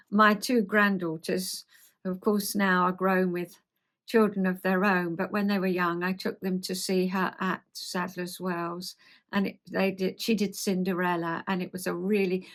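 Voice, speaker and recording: Lady in her 70s, london twang, reads out her old school memories, chats off-script, pokes fun at herself. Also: mid-range voice. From South East England. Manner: reminiscing, self-deprecating, rambling. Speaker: host. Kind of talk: reading her memoir aloud with chatty asides.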